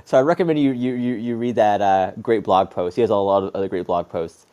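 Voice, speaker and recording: A man hosting an interview, chatty and halting, with many restarts and "like"s. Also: fairly low pitch, dark tone, smooth. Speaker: podcast host. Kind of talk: casual interview chat.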